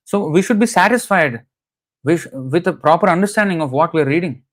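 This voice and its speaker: A man's voice: on the high side, expressive, a little fast. A man giving a conversational scripture lecture, telling anecdotes in a chatty way with frequent "you know"s. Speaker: scripture class speaker.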